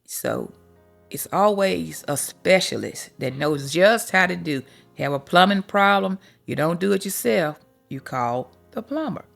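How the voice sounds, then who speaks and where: A woman's voice: on the low side, animated, measured pace, gravelly, a bit bright, soft background music. A woman podcast host and life coach telling her own story candidly, with homespun sayings, emotional at times. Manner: heartfelt and candid, with folksy sayings. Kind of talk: personal testimony storytelling.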